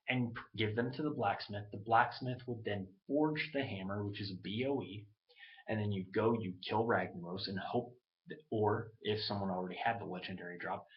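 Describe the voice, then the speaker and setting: Low-voiced man rambling into a webcam. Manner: rambling, loose, swears casually. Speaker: gaming video creator. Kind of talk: casual gaming talk to webcam. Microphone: webcam mic. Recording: dull lo-fi webcam audio.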